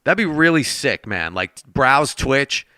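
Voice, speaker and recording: A man's voice: mid-range voice, big pitch swings, slow pace, pushed and bright, clean tone, no echo, clean studio sound. A man streaming a game and chatting casually with his viewers, thanking donors and talking straight to chat from his desk.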